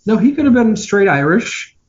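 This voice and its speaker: Lively, exasperated high-voiced man. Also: moderate pace. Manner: animated, exasperated ranting. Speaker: podcast co-host. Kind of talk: casual chat. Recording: dull lo-fi sound.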